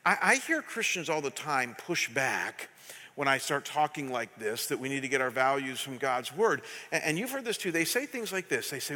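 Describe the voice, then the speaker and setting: A man's voice: fairly high pitch, lively intonation, fairly quick, pushed and bright. Passionate man preaching in a reverberant church. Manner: passionate, emphatic, asks the congregation questions. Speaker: pastor. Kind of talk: sermon. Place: church sanctuary. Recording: long hall reverb.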